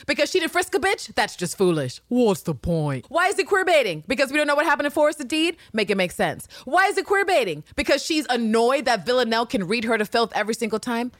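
A woman's voice: fairly high pitch, sing-song, fast talker, few pauses, no echo, studio quality. A woman co-hosting a fan podcast, ranting with emphatic, repeated questions and swearing. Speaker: podcast co-host. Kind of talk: heated fan podcast rant.

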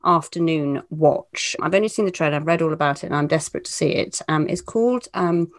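A woman's voice: low voice, brisk. A woman co-presenter chatting casually and teasing her partner while recommending films. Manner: teasing and lively. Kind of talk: casual chat.

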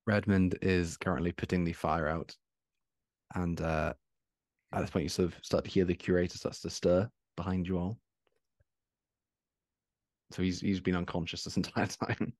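A man's voice: low voice, little pitch movement, moderate pace, pauses often, a little mellow, dry recording, studio quality. A man narrating a tabletop horror game as game master, often stammering and laughing.

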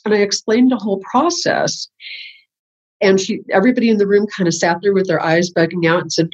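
A woman's voice: medium pitch, fairly quick, husky. An older woman, a spiritual teacher, telling the story of how her work began in a casual interview, often laughing and acting out what she thought at the time. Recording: muffled lo-fi audio.

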